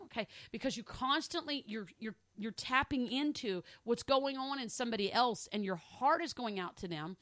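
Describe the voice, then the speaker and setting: A middle-aged woman leads a casual Bible study in a somewhat high voice. She talks warmly and loosely, laughs often, keeps asking "okay?", and slips into short acted-out conversations. The sound is close and dry, with no room around it. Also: moderate pace, no echo. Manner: acts out little dialogues in other voices. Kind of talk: casual teaching on spiritual gifts.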